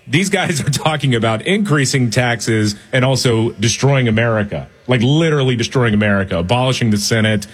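A man's voice: medium pitch, normal speed, slightly rough. A man co-hosting a talk radio show, giving blunt, sarcastic, opinionated commentary. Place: radio studio.

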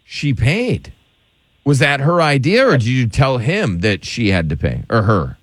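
A man's voice: medium pitch, big pitch swings, measured pace, dry recording. A man hosting a call-in radio show from a studio, playful and teasing in his banter.

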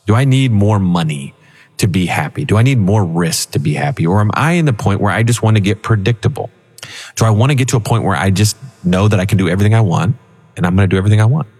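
Man, financial show co-host, husky, lowish voice, animated storyteller, long reverb. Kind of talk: conversational financial advice.

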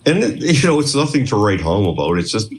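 A man from Canada, a retired police trainer, telling stories as a guest in a rambling, animated way with many restarts. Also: lowish voice, quick pace. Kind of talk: casual storytelling interview.

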